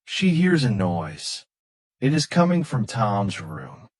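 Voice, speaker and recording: A man narrating a children's bedtime story in a calm, expressive way. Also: fairly low pitch, takes it slowly. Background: music.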